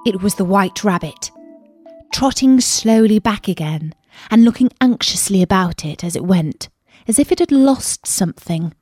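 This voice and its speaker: A woman reading a children's story aloud in a lively, expressive way. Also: mid-range voice, no echo, studio quality.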